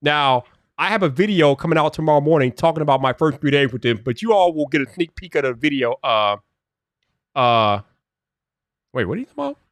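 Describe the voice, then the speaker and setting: A man's voice: a little high, lively intonation, brisk, no echo. Chatty man greeting his live chat. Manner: chatty, greets viewers by name, laughs often; mutters to himself while fixing software. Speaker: live stream host. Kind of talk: casual live stream chat.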